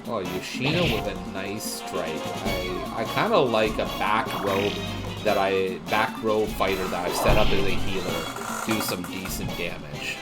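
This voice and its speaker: This let's play host has a deep voice and speaks a little slowly. He muses casually out loud while commenting on his game, and the game's music can be heard underneath.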